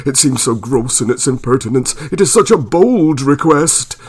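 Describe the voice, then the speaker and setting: A man's voice: mid-range voice, expressive, close to an everyday voice. A man voicing a shy young male actor from the countryside, with a rural English accent, who gushes and stammers. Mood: fawning. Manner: gushing, stammering, halting.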